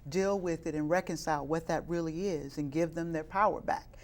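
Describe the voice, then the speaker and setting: Low-pitched and fairly quick, this middle-aged woman from Chicago's west side works as a youth minister. Her interview testimony about her life is earnest and lifts into fervent, preaching-style passages.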